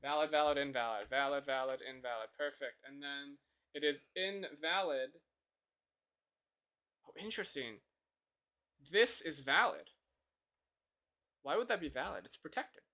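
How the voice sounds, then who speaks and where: Bright, chatty male streamer thinking aloud. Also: a little high, a little slow, pauses often. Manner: chatty, thinks aloud, self-deprecating, laughs easily. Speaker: live streamer. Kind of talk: casual live-stream chat while coding.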